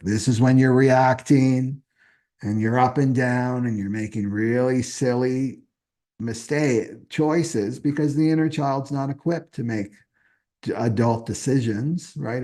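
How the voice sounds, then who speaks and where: A man's voice: mid-range voice, a little slow, warm tone. A man doing a casual live astrology reading, talking in a loose, repetitive way and often asking "right?". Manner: chatty, repeats himself, often asks "right?". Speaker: astrology reader.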